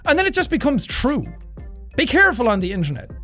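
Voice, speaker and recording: An excitable streamer with an Irish accent from Offaly, swearing and laughing through casual reaction commentary. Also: sits high, quick pace, soft background music. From Offaly, Ireland.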